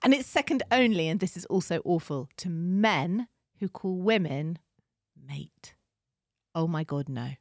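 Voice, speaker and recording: A woman's voice: lowish voice, lively intonation, unhurried, no echo, clean studio sound. A woman co-hosting a podcast, chatting frankly and laughing often. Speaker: podcast co-host. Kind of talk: casual chat.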